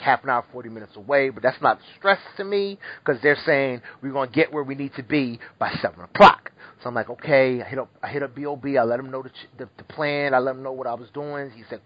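Husky-voiced man telling a rambling story. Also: mid-range voice, no echo. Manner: profane, animated, rambling. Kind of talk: casual storytelling. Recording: dull lo-fi recording.

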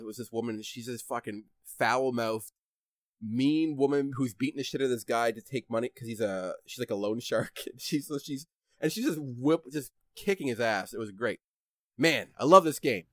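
A man hosting a podcast in casual chat, animated and rambling, and laughing as he tells stories. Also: mid-range voice, moderate pace, dry recording, clean studio sound. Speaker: podcast host.

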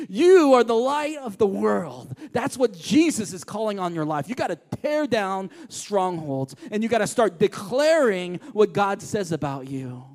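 A man's voice: very high-pitched, a little mellow. A middle-aged man preaching a sermon in church, passionate and emphatic, repeating key lines for weight. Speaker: pastor.

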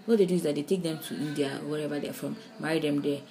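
Animated Nigerian woman podcaster. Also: sits low, quick pace. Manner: animated, with frequent restarts and "do you understand?". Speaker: podcast co-host. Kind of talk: casual discussion.

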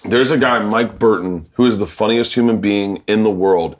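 A middle-aged comedian who hosts a cooking show tells stories in a casual chat among comedians. His lowish voice moves at a moderate pace, and he acts out quoted voices, laughing and swearing often.

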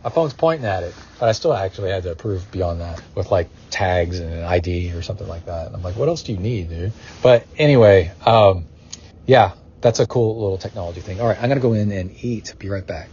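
A man's voice: low-pitched, brisk, a little mellow, muffled recording, a little hiss or hum. A middle-aged man hosting a podcast in a casual, rambling chat that wanders off on tangents. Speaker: podcast host.

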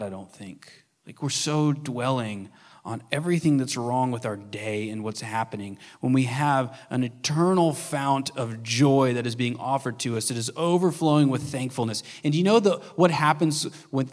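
A male pastor preaching a sermon with earnest, shifting emphasis, at times dropping to a hush and then building up again. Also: medium pitch. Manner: earnest preaching, swings between hushed and emphatic. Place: church sanctuary.

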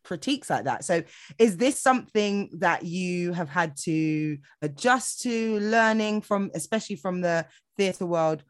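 A woman's voice: on the low side, unhurried, dry recording, clean studio sound. A woman hosting an interview, exclaiming and encouraging her guest in casual chat. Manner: animated, exclaiming, warmly encouraging. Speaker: interview host.

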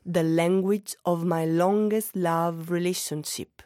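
Soft-spoken Italian-accented woman narrating. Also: on the low side, fairly even intonation, slow, no room sound. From Naples. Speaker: radio piece narrator. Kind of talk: scripted narration.

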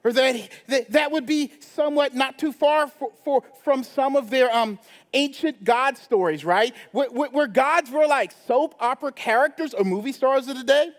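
A man pastor preaching a sermon in a conversational way, often checking in with a quick "right?". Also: very high voice. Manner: conversational preaching with frequent tag questions. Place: church sanctuary. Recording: long church reverb.

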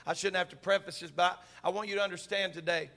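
Man preaching a fiery sermon, high bright voice, repeats himself, goes from quiet to hollering. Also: steady tone, fast talker, big-room sound. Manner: impassioned preaching that rises from soft talk to shouting; repeats words and phrases for emphasis.

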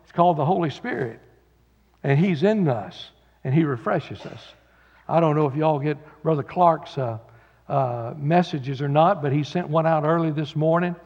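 A man's voice: on the high side, moderate pace. A man preaching a folksy sermon, paraphrasing scripture with frequent restarts. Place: church sanctuary. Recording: muffled recording in a reverberant church.

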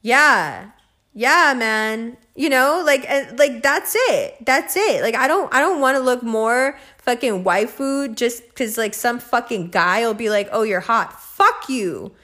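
A woman rants casually and bluntly, cursing freely and filling her talk with "like" and slang. Her voice sits a little on the high side. She laughs easily between points. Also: slow pace. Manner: blunt, profane, animated with frequent laughs and filler "like". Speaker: host. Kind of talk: casual ranting monologue.

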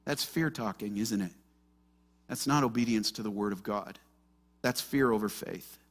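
A man's voice: on the low side, normal speed. A man preaching a sermon as pastor, animatedly acting out the anxious voices of scripture figures. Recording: long hall reverb.

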